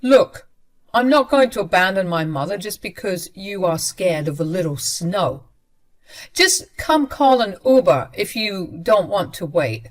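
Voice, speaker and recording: A woman's voice: mid-range voice, big pitch swings, normal speed, lightly acted. A woman voicing a dismissive adult husband who brushes off his wife impatiently, read in her own raised, emphatic voice.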